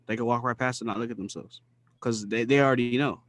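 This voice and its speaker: A man in casual podcast conversation with an earnest, searching manner. His voice sits at a middle pitch, and he often pauses to find the right words. He draws out key phrases slowly for emphasis. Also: fairly even intonation, no room sound.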